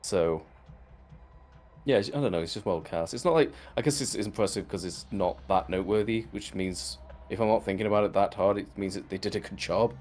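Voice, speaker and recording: A man's voice: fairly low pitch, fairly quick, darkish tone, slight background noise. A man co-hosting a podcast, casually recapping a cartoon episode in a rambling way with lots of fillers and the odd swear word. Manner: rambling, frequent fillers and swearing, laughs while retelling scenes. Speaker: podcast co-host.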